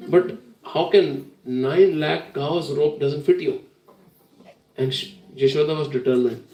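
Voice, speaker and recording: A man giving an earnest, animated devotional sermon that tells a story. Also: a little high, unhurried. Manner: earnest, animated, laughs while telling. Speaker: devotional speaker. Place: temple hall. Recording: roomy hall, distant mic.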